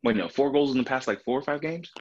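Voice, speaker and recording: A man's voice: mid-range voice, fast. A young man co-hosting a casual football chat, easygoing and a little hesitant, laughing along. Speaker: co-host. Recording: dull lo-fi sound.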